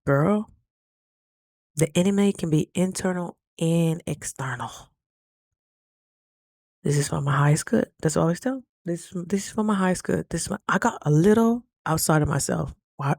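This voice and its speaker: A woman talks straight to her viewers in a casual storytime vlog. She is animated and chatty, and her voice sits a little low. The recording is close and dry, with no room sound. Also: normal speed, dry recording. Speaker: vlogger.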